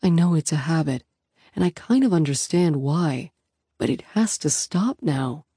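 A woman voicing a calm, patient young husband who speaks softly and reassuringly, with a light teasing edge. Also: sits low, measured pace, husky, no room sound, studio quality, heavily acted. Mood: earnest. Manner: soft, reassuring and lightly joking.

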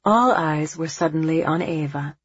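A woman narrating an audiobook in a measured, dramatic way. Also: sits low, slightly rough, no echo, muffled recording.

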